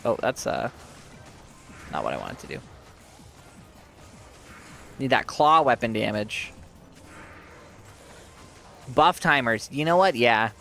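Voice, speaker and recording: A man's voice: mid-range voice, sing-song, slow, creaky, long pauses, sharp tone, faint music behind. A man streaming a game, giving casual commentary while chatting with his viewers, joking at his own expense and laughing often.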